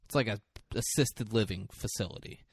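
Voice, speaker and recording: A man's voice: on the low side, normal speed, vocal fry, breathy edge, no echo. A young man hosting a podcast in loose, joking banter, swearing freely. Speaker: podcast host.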